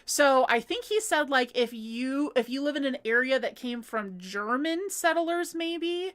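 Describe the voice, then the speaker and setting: A woman's voice: high-pitched, animated, a little slow, a bit bright. An American woman hosting a casual livestream from home, chatting and answering viewer comments, laughing often and saying "like" a lot. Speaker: livestream host. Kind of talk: casual chat reading live comments.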